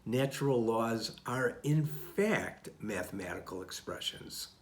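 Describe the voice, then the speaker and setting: A man hosting the channel, reading a scripted rebuttal in a deliberate, didactic way. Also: mid-range voice, lively intonation. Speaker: channel host.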